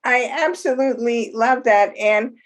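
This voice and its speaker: Slow, measured woman presenting a webinar. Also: a little high, fairly even intonation. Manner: measured, listing points one by one. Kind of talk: webinar talk.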